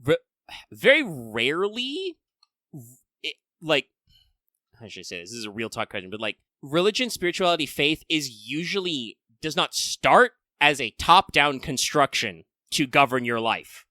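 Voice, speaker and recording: A man with a bright, forward voice co-hosts a podcast in loose, casual conversation. He thinks out loud, circling back with fillers and restarts, heard close and dry with no room sound. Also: on the high side, sing-song, normal speed, no echo. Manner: rambling, thinks aloud with many fillers and restarts. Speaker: podcast co-host.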